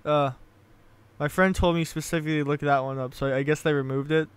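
A man's voice: a little high, fairly even intonation, fast talker, clean tone, dry recording. A young man making a casual comedic vlog and reading his own writing aloud, giggling at himself often. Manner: giggly, self-amused, restarts.

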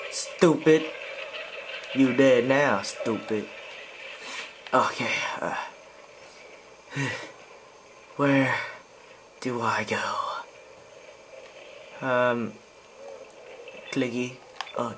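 A jumpy gamer talks through a let's play, switching between yelps, pleading and quiet muttering. The pace is slow and drawn out, and a clear layer of noise sits under the voice in a home recording. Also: mid-range voice, low-quality recording.

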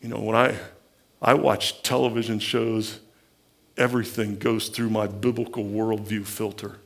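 A man's voice: lowish voice, level tone, unhurried, gravelly, fairly bright tone. A man with a Midwestern American accent, a pastor preaching a conversational sermon who acts out the people he quotes.

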